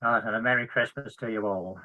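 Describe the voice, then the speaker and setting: A man's voice: on the low side, brisk, rough recording. A man hosting an online folk song meeting, introducing the next item casually with fillers. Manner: relaxed, with fillers. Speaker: online forum host.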